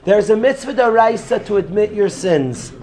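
A man teaching as a rabbi in a lively class lecture, repeating phrases and calling on students by name. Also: high-pitched, normal speed.

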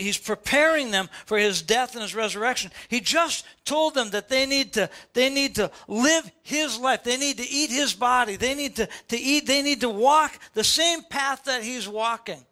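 Older guy pastor preaching, high bright voice, keeps hitting you with questions. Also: normal speed, few pauses. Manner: preaching with rising emphatic questions. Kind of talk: sermon. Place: church sanctuary before a congregation.

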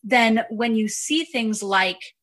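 A woman's voice: a little high, slow, a bit bright. Chatty woman podcast host. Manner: chatty, laughs often, many fillers. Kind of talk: casual chat.

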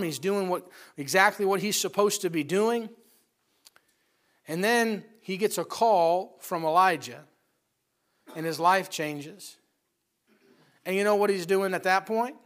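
A man with a fairly high voice preaches a sermon in an emphatic, folksy way. He tells casual stories between scripture points, and his voice climbs to loud, forceful peaks. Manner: folksy with storytelling asides.

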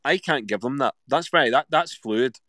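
A man's voice: mid-range voice, animated, moderate pace, sharp tone, no echo, clean studio sound. A middle-aged Scottish man whose accent has picked up some Northern Irish, chatting casually on a live stream and rambling with lots of "do you know what". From Scotland. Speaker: whiskey festival organiser and show co-host.

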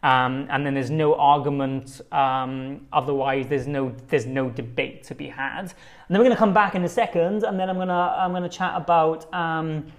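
A man's voice: on the high side, moderate pace. Rambling, um-filled casual male talker. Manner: rambling, filler-heavy, conversational. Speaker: podcast host. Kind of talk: casual solo monologue. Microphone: own microphone.

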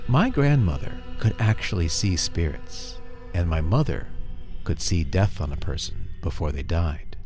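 A man hosting a podcast, narrating a first-person story in a calm, earnest way. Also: low voice, unhurried, over music.

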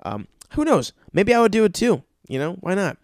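A young man rants on his podcast, swearing nonstop and slipping into sarcastic mocking voices. His voice sits a little high. The recording is dry and close, with no room sound. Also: sing-song, fairly quick, no echo. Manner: swears constantly, mocks with sarcastic quoted voices. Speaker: podcast host. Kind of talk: profane comedic rant. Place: Los Angeles.

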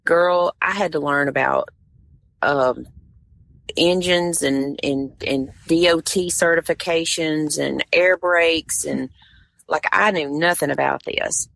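A woman's voice: deep voice, steady tone, slow, vocal fry, a bit bright, no room sound. A woman tournament director, a guest on a podcast, telling a story in casual conversation and acting out what others said.

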